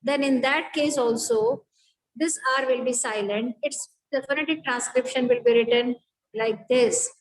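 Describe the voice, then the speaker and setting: A woman's voice: a little high, unhurried, poor audio. A woman teacher giving a phonetics lecture, explaining rules step by step and checking that students follow.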